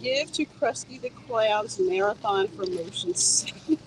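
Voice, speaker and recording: A woman's voice: on the high side, sing-song, takes it slowly, background noise. A woman, live-streaming a casual, playful walk through a theme park gift shop and talking straight to her viewers.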